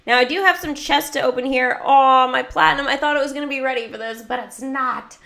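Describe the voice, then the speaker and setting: This young woman's voice sits high, moves a little fast, and sounds pushed and bright with vocal fry. She's an American gaming livestreamer chatting bubbly and talkatively, with many fillers, over a mobile game.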